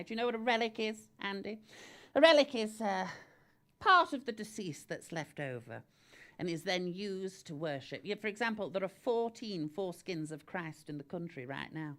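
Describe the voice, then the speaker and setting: A woman, hosting a live-streamed comedy advice show in a camp, deadpan, self-aggrandising way. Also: mid-range voice, fairly quick. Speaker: comedy host. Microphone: live-stream camera mic.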